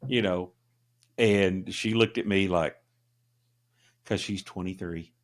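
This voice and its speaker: A man's voice: low voice, fairly even intonation, slow. A middle-aged man co-hosting a podcast, telling long casual stories full of "uh" and "you know" fillers. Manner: rambling storyteller with many fillers. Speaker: podcast co-host. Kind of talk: casual chat.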